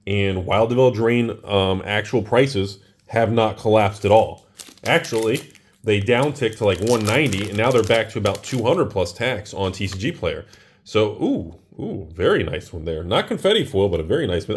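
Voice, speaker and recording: An American man who owns a card shop, chatting casually in a vlog while opening packs. He rambles in an excitable way, filling his talk with "like" and "dude.". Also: mid-range voice, normal speed, husky. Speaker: card shop owner and investing vlogger.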